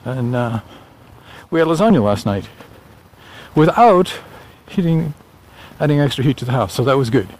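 A man's voice: mid-range voice, animated, normal speed, pauses often, darkish tone. A middle-aged man talking casually while out on a morning walk, rambling along with filler words and small chuckles. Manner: rambling, chatty, with frequent "uh" and chuckles. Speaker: vlogger. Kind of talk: casual walking vlog.

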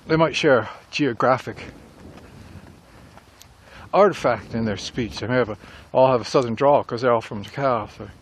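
A man's voice: mid-range voice, moderate pace, long pauses. A middle-aged man talking casually and reflectively about writing dialogue, rambling a little as he goes, with faint traffic noise around him. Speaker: writer vlogger. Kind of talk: casual talk while walking.

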